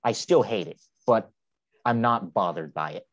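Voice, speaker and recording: A man in a casual car chat, telling stories in a relaxed way. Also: on the low side, moderate pace, highs cut off.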